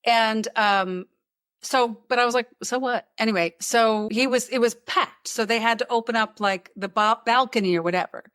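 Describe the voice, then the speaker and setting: A woman hosting a podcast, chatting casually and telling stories with lively asides and little impressions. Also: fairly high pitch, moderate pace, dry recording, studio quality. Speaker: podcast host. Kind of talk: casual chat.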